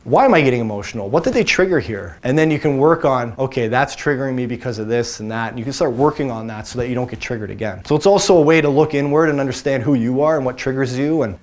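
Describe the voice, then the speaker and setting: A man's voice: mid-range voice, darkish tone. A man hosting a sales channel, giving a casual motivational talk with frequent restarts and filler phrases. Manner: conversational, many restarts and "you know"s.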